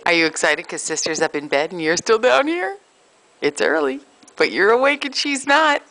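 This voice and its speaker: A woman's voice: lowish voice, very animated, normal speed, bright, forceful tone. A mother cooing and chatting in baby talk to her infant, coaxing and gushing. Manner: sing-song, coaxing, gushing.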